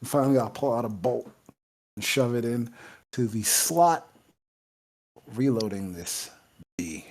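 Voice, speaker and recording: A man playing a tabletop game, slowly describing what his character does. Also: mid-range voice, darkish tone. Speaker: player.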